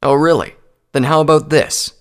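A man's voice: fairly high pitch, steady tone, normal speed, clean tone, pitched above the performer's own voice, close to an everyday voice. A man voicing a male pony recruit who is derisive and mocking toward his comrades, in an audiobook reading. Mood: taunting. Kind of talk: audiobook character voice.

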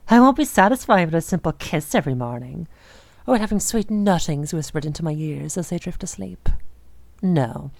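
A young woman voicing an obsessive, possessive dominant woman in an audio role-play, speaking in a soft, slow, teasing murmur. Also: lowish voice, gravelly, no room sound.

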